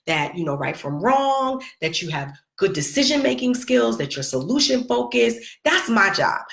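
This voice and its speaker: A woman's voice: on the high side, vocal fry, a bit bright, reverberant. A middle-aged woman venting to her viewers about her son, emphatic and sassy, repeating herself for effect. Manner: emphatic, repetitive, sassy, talks straight to the camera. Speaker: vlogger and mother. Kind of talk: casual storytelling vlog to viewers.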